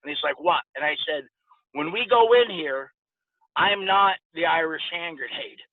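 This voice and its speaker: A man's voice: on the high side, moderate pace. A middle-aged man and former fighter, guesting on a podcast and telling stories in a rambling, casual way, with many fillers and voices for the people he quotes. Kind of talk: casual storytelling interview. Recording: tinny phone-like sound, dry.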